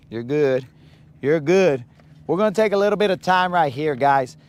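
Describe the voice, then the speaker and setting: Playful hyped higher-voiced man angler. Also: clear, resonant tone. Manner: playful, hyped banter peppered with Spanish slang. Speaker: angler, channel host. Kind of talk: live fishing vlog commentary. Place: outdoors on a lake.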